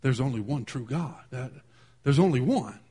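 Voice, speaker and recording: A male preacher retelling a scripture story in a sermon. He talks emphatically, swinging from loud declarations to hushed readings of old scripture wording. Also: mid-range voice, lively intonation, moderate pace, slightly rough.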